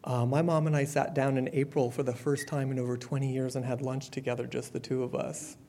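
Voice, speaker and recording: A middle-aged man giving a personal testimony at a support meeting, candid and conversational, with fillers and the odd soft laugh. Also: mid-range voice, level tone, a little fast. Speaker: speaker sharing his recovery story.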